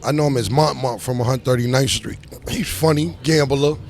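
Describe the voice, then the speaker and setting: A man's voice: mid-range voice, normal speed, gravelly, darkish tone. Laid-back New York man with a lisp. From Harlem, New York. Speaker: rapper guest. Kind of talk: casual interview. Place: music club.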